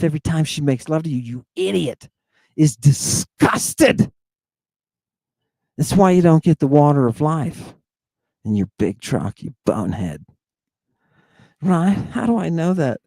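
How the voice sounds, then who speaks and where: A middle-aged man giving a provocative lecture, confrontational and insulting, swinging between loud jabs and low mutters. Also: no echo.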